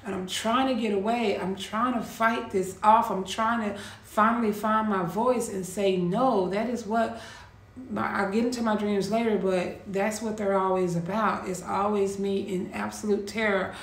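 A woman telling a painful personal story in a slow, quietly intense monologue with heavy pauses. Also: medium pitch, steady tone. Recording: echoey room with faint ambient noise.

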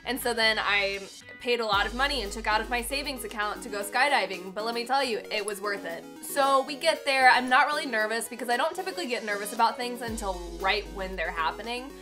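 A young vlogger with a fairly high voice talks briskly, hardly pausing, while music plays in the background. Sitting indoors on a cardboard box, she chats casually to her camera, giggly and self-mocking, telling her viewers a story.

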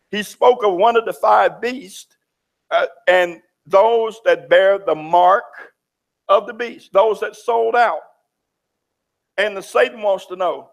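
Gravelly preacher man. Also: high-pitched. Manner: folksy, animated preaching with Southern turns of phrase. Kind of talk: sermon. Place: church.

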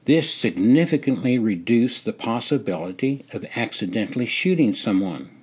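An older man reading his own memoir aloud in a measured, deliberate storytelling manner. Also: mid-range voice, expressive, a little mellow, slightly rough. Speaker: memoir narrator.

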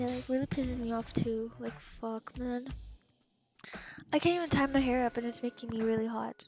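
A woman's voice: on the high side, steady tone, brisk, gravelly. A woman streaming a game, grumbling and swearing under her breath as she plays. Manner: grumbling, swearing, muttering to herself. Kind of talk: live gameplay commentary. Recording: music playing behind the voice.

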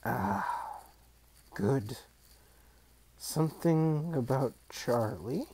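Audiobook figure: a man doing a croaking, wheezy ancient man, impatient, slow and drawling. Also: mid-range voice, lively intonation, noisy background. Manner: impatient, drawn-out.

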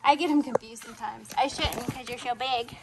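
A woman's voice: a little high, steady tone, fairly quick, crowd noise. A woman, a home dog breeder chatting casually and talking in sweet baby talk to her puppies. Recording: noisy home recording.

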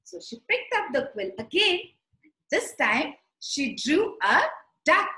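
A woman teaching young children, telling a story and guiding letter writing in a slow, sing-song, animated way. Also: high voice. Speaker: preschool teacher. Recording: echoey room.

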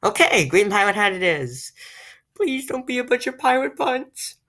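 A woman's voice: mid-range voice, sing-song, moderate pace, fairly bright tone. A woman gaming YouTuber giving casual commentary as she plays, chatting and muttering to herself while she picks options.

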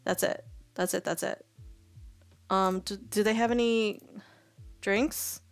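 A woman's voice: mid-range voice, fairly even intonation, takes it slowly, dry recording, faint music behind. Rambling woman streamer, dry close mic. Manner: rambling, indecisive, thinking aloud. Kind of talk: casual live-stream chat.

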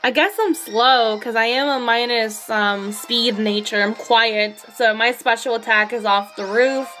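An excited woman live-streaming a game, rambling with a shaky thrill in her voice. She sits a little high in pitch and talks at an unhurried pace, with faint music playing behind her.

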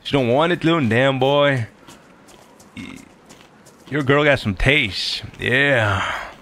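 Excitable gravelly male game streamer. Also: mid-range voice, slow pace. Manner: loud, excitable, swears often. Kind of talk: casual gameplay streaming.

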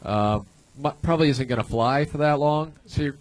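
A man on a comedy show panel giving a guest thoughtful, halting feedback. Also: a little high. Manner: halting, thoughtful advice with restarts. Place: comedy club stage.

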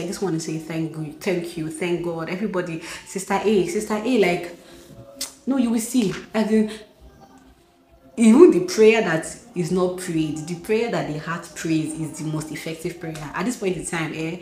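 A young Nigerian woman vlogging from home, telling stories excitedly and acting out dialogue. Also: fairly low pitch, normal speed. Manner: excited, animated storytelling, acts out dialogue. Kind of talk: casual vlog talk. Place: home, indoors. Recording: echoey room.

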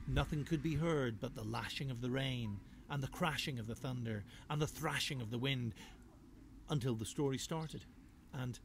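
A children's author, a man, reading his storybook aloud in a lively, rhythmic, playful way. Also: mid-range voice, slight background noise. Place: home.

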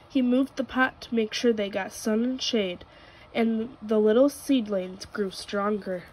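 A woman reading a children's picture book aloud, telling it gently and clearly. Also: medium pitch, low-quality recording. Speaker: storybook reader.

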